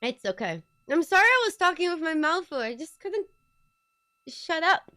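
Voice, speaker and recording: Brief: high-pitched woman streamer, giggly and rambling, casual desk-mic chat. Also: moderate pace, no echo, studio quality. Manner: excitable, giggly, rambling asides. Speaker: streamer hosting a watch party.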